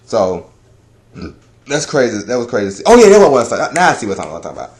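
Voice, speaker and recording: A man giving a casual chapter review, talking in a loud, profane, rambling way that is full of laughter. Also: medium pitch, huge pitch swings, quick pace. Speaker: anime and manga reviewer.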